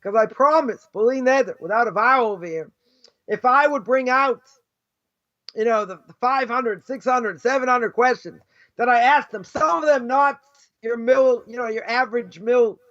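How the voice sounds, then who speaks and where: Casting: rabbi, very high voice, lively lecture with anecdotes, muffled lo-fi sound. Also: male voice, moderate pace. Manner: animated, repeats "right?" often, acts out quoted voices. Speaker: rabbi teaching Jewish ethics. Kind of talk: informal lecture with stories. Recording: dull lo-fi sound.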